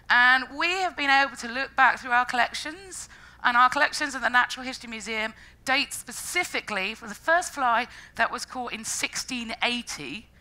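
A woman giving a lively, jokey public science talk, acting out funny quoted voices along the way. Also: sits high, poor audio. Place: lecture stage before an audience.

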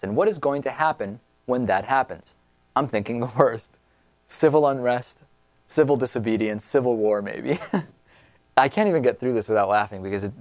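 A man's voice: mid-range voice, no echo. Sarcastic male talk show host, dry studio sound. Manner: sarcastic, incredulous, laughs at the news. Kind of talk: political talk show commentary.

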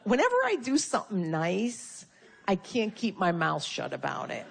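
A woman's voice: mid-range voice, big pitch swings, moderate pace, gravelly, a little hiss or hum. A woman performing a stand-up comedy routine on stage before a live audience, brash and profane with insult humor.

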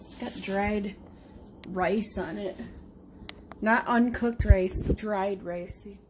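A woman's voice: medium pitch, fairly even intonation, slow, noisy background. A tired woman chatting casually while cooking in her home kitchen, rambling and poking fun at herself. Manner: rambling, self-deprecating chatter. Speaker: vlogger.

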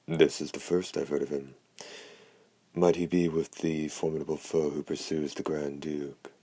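A man's voice: a bass voice, little pitch movement, normal speed, warm tone. A man reading the lines of a formal noble countess who speaks in stiff, old-fashioned phrasing. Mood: grave.

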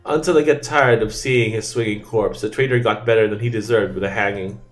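A man's voice: lowish voice, fairly even intonation, a little fast, soft background music, close to an everyday voice. An actor playing a blunt, unforgiving male fort commander in a video game, speaking in curt, authoritative orders. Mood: harsh.

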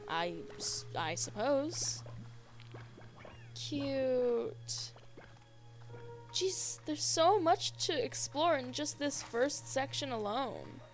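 A young woman casually commenting on a game she plays, gushing and easily excited, talking to the creatures on screen. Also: sits high, drawn-out words, pauses often, soft background music. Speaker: gaming video host. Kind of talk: casual let's-play commentary.

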